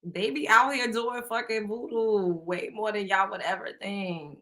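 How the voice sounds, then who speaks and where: A woman's voice: mid-range voice, steady tone, measured pace, sharp tone. A woman hosting a casual chat show, telling stories bluntly with plenty of swearing and frequent laughter. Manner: blunt, profane storytelling; laughs often while talking. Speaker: host.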